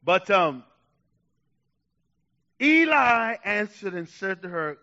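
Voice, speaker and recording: A male pastor with a very high, bright voice delivers a passionate sermon, shifting between hushed asides and loud, fervent shouts. His sing-song delivery is slow, with long pauses, and the recording is dull and lo-fi.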